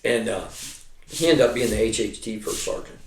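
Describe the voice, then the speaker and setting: A man's voice: lowish voice, normal speed. A middle-aged man, an army veteran, telling rambling war stories in casual chat, swearing constantly. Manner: profane, rambling, heavy swearing. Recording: echoey room.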